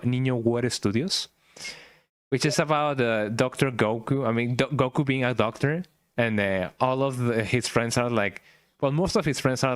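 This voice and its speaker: A man's voice: medium pitch, smooth, dry recording, clean studio sound. A young man, casually commenting as he plays a game and rambling on with "eh?" tags. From Mexico. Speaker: gaming streamer.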